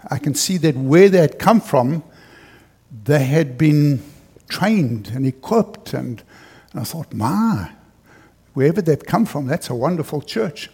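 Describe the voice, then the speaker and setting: Gravelly-voiced pastor preaching earnestly. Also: male voice, a little high, lively intonation, a little slow, mellow. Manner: storytelling, earnest, repeats phrases for emphasis. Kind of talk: sermon. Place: church.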